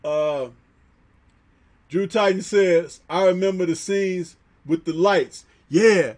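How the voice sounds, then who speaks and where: A man's voice: high voice, slow, a little mellow. A man hosting a livestream, reading chat aloud and reminiscing in slangy casual talk, laughing often.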